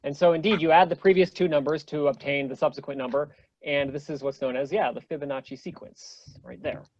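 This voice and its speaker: A man's voice: a little high, fairly even intonation, fairly quick, a little mellow. Upbeat man teaching over a muffled call. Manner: eager, with many ums and restarts. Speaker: presenter. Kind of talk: online lecture.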